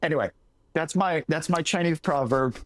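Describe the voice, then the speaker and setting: A man's voice: on the high side, normal speed. A man co-hosting a podcast in casual chat, telling a story in a rambling way with restarts. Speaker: podcast co-host.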